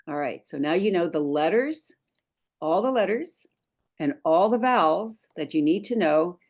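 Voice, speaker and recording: Middle-aged lady teaching, low voice, takes her time, patient and careful. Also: animated, a little mellow. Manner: patient, deliberate, spells things out. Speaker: Hebrew teacher. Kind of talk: slow screen-share lesson.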